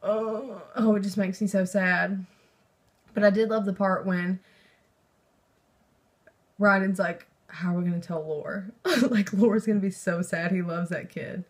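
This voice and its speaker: Excitable, rambling young woman book vlogger. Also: medium pitch, measured pace, long pauses. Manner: rambling and excitable, with lots of fillers and swearing. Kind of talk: casual book review chat.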